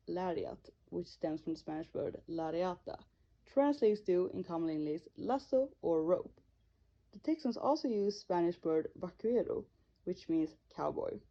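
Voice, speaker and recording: Young woman presenting a school project, mellow dark voice, kinda muffled lo-fi sound. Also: medium pitch. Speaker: student presenter. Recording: dull lo-fi recording.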